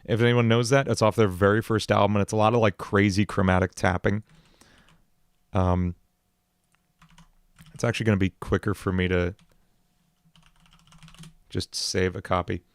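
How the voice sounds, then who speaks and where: A man's voice: on the low side, flat delivery, moderate pace, long pauses, clean tone, dry recording. Rambling man hosting a music livestream. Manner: rambling, filler-heavy, laughs easily. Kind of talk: casual livestream chat.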